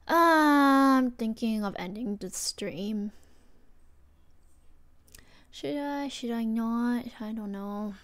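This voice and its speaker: A young woman livestreaming, chatting casually and rambling as she thinks aloud. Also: mid-range voice. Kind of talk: casual stream chat.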